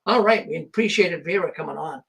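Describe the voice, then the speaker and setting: A man's voice: a little high, brisk, creaky, fairly bright tone, breathy edge. A man hosting a call-in show, talking in a rambling, conversational way with restarts. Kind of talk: casual call-in talk.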